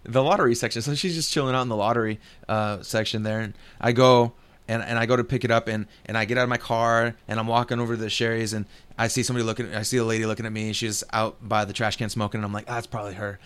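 Young male podcast co-host, smooth clear voice, easygoing storyteller who swears and laughs a lot. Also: fairly low pitch, flat delivery, fast, a bit bright. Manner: laid-back storytelling, swears freely, laughs often. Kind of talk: casual gaming podcast chat.

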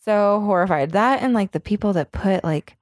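A woman's voice: medium pitch, moderate pace, a little mellow, no echo, clean studio sound. A woman co-hosting a podcast in casual chat, rambling, laughing often and swearing freely. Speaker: podcast co-host.

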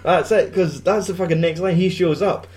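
A man's voice: high-pitched, steady tone, normal speed, darkish tone. A Scottish man casually retelling a film plot, swearing a lot and acting out the characters' lines.

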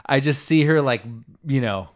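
A man's voice: mid-range voice, lively intonation, normal speed. A man telling a story in casual podcast chat, rambling with lots of "like" and chuckling at himself. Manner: rambling, many likes, self-amused laughs. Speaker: podcast host.

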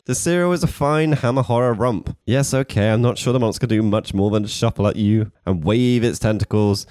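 A man's voice: lowish voice, normal speed, darkish tone, dry recording, clean studio sound. A man co-hosting a casual podcast, joking around and laughing often. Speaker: podcast co-host.

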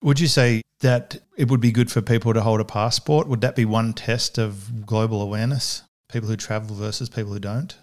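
A man's voice: on the low side, fairly even intonation, brisk, hardly any pauses, darkish tone. A man hosting a podcast, asking questions in a casual interview and adding laughing asides. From Australia. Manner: conversational, asks questions and adds laughing asides. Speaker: podcast host.

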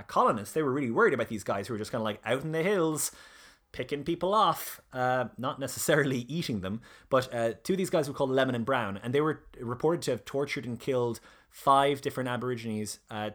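A man's voice: medium pitch, fairly quick, fairly bright tone. Hesitant man in casual history chat. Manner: hesitant, many fillers and restarts. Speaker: presenter of a history discussion.

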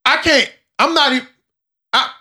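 A man's voice: very high-pitched, moderate pace, bright, forceful tone, dry recording, clean studio sound. A man hosting a casual roundtable, talking emphatically and profanely, repeating words as he builds a point.

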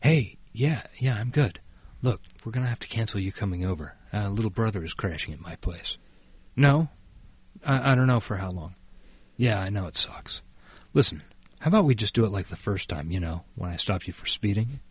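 A sneaky male deputy murmurs into the phone so no one overhears, as a man reads him aloud from fan fiction. His voice is husky and the sound is dry and close. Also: fairly low pitch, expressive, moderate pace, no room sound, voice pushed down. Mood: furtive. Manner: hushed, furtive. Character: furtive male deputy on a secret phone call.

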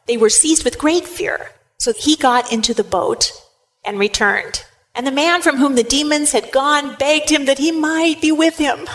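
Woman preacher, lively retelling in a sermon, a fairly high voice. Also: unhurried. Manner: lively retelling, addresses the congregation directly.

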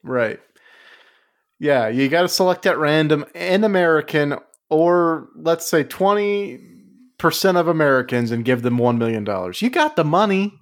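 A hoarse man co-hosting a casual comedy movie podcast, joking around and swearing freely. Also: fairly high pitch, normal speed. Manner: jokey, swearing, goofy bits. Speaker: podcast co-host.

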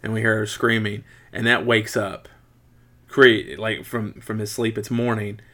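A man's voice: fairly low pitch, unhurried. A man casually recapping a movie plot as a podcast co-host, with wry asides. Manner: animated retelling with wry asides.

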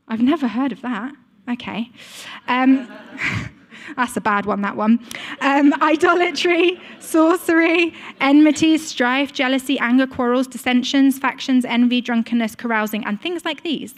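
A woman's voice: high-pitched, unhurried. A young woman preaching a sermon, telling a personal story in a chatty way, with frequent fillers and asides to the congregation.

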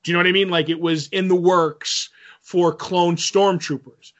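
Man, podcast co-host, casual rambling chat, slightly high voice, muffled lo-fi sound. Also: fairly even intonation, normal speed, fairly bright tone. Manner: rambling, many fillers and restarts. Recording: dull lo-fi audio.

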